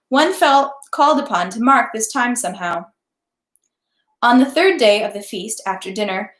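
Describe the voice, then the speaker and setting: A woman reading a classic novel aloud at a steady pace, now and then stumbling and correcting herself. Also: mid-range voice. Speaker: audiobook reader. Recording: echoey room.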